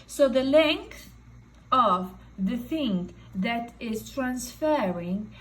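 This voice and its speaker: A woman teaching a recorded science lesson, explaining slowly in non-native English phrasing and often checking in with "okay?". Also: a little high, expressive, a bit bright, rough recording. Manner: slow, explanatory, repeats "okay?" to check understanding.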